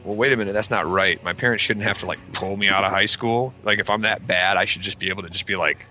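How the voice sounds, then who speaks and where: A man telling a long story in casual chat with friends, rambling and profane, acting out shouted quotes. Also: deep voice, fast talker, soft background music. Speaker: podcast co-host telling a story.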